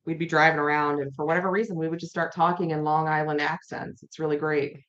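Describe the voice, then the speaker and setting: A woman's voice: low-pitched, steady tone, fast, fairly bright tone. A woman hosting a casual live-stream tarot reading from home, chatty and rambling, repeating herself and talking to viewers in chat. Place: her home. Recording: dull lo-fi audio.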